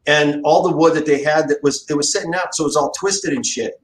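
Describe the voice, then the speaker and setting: Man, livestream host, animated storyteller, swears a lot, slightly high voice, roomy echo. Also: fairly quick, a little hiss or hum. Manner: animated, profane, acts out quotes. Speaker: livestream host, guitar builder. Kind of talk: casual storytelling chat.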